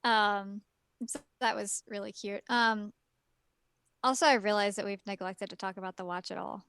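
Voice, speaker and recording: A woman's voice: medium pitch, fairly even intonation, normal speed, fairly bright tone, smooth. A female podcast co-host chatting about a game, playfully acting out characters' lines as she retells scenes. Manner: chimes in and acts out quoted lines playfully. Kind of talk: casual chat about a video game.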